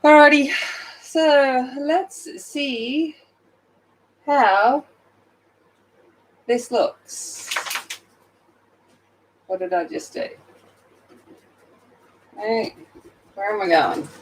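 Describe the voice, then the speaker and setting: On a poor-quality recording with slight background noise, a sleepy Australian woman who has just woken up hosts a casual livestream from her phone. Her voice is high and very slow, with frequent pauses, as she colours and greets viewers by name.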